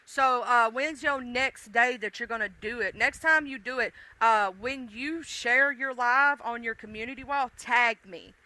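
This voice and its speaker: A woman from the American South with a mixed deep-South accent chats loosely with her livestream viewers. She rambles, talks straight to the chat and curses casually. Her voice is very bright and sharp, recorded dry and close. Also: a little slow, hardly any pauses, no echo, low-quality recording. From Southern United States. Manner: rambling, chatty, swears freely, addresses chat directly. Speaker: livestream host.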